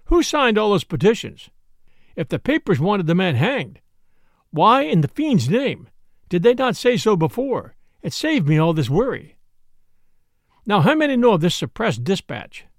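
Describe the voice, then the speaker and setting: A man's voice: high-pitched, huge pitch swings, brisk, few pauses, dry recording, clean studio sound, full character voice. A man doing a blustering, bewildered governor. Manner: exclaiming, blustering.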